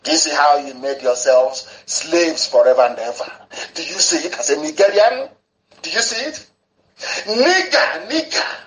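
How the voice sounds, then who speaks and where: Fervent high-voiced man in an echoey room. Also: expressive, normal speed, a bit bright. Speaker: radio broadcaster. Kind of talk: impassioned political broadcast.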